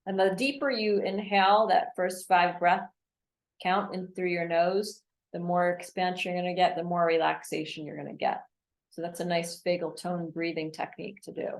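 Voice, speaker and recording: A woman's voice: on the low side, level tone, normal speed. Explaining woman in a roomy-sounding recording. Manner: explanatory, demonstrates step by step. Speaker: guest practitioner. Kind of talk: casual health chat. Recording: roomy echo.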